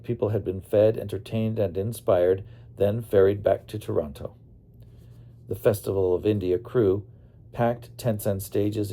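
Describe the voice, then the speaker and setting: A man's voice: lowish voice, dark tone. A man narrating a memoir in a plain, storytelling delivery.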